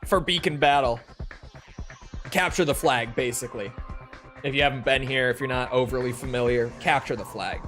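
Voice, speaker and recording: A man's voice: mid-range voice, normal speed, soft background music. A young man chatting casually to his live chat while playing a game, rambling with lots of "like" fillers and the odd swear word. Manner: relaxed, rambling, frequent "like" fillers, occasional swearing. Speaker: gaming streamer.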